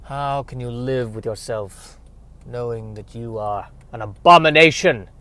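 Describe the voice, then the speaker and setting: A man voicing a solemn, dramatic interviewer who speaks slowly and accusingly, set back from the mic and at times dropping to a hush. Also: medium pitch, slight background noise. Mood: accusing, grave. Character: grave, dramatic male interviewer confronting a monster.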